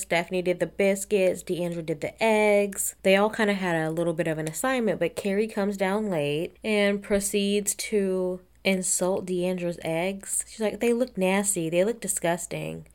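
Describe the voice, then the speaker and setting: A woman's voice: on the low side, smooth. A woman giving a casual, blunt and sarcastic recap of a TV episode, swearing and laughing often. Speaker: reality TV recap host.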